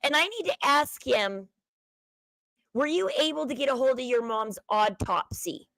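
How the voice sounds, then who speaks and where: A woman's voice: sits high, expressive, a little slow, a bit bright, no echo, low-quality recording. A woman with a Southern accent, livestream host chatting casually to her viewers, with a chatty valley-girl way of talking.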